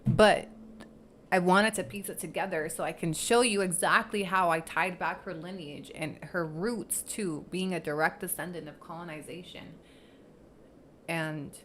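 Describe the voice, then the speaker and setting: A woman's voice: fairly low pitch, measured pace. Woman on a livestream just chatting, swears a lot, teasing, drops spanish bits, faint hum behind her. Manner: blunt and profane, switching into Spanish; animated and teasing, laughs often. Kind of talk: casual livestream chat.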